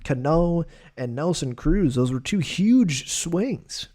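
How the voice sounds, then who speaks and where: A man hosting a solo sports podcast, talking casually in an opinionated, animated way with loose fillers. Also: on the high side, slow pace. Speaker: podcast host.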